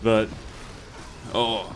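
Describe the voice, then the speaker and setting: A man's voice: lowish voice, little pitch movement, very slow, noisy background. A young man with an Australian accent, telling rambling, swear-filled anecdotes while playing a video game. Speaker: gaming YouTuber. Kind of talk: casual let's play storytelling.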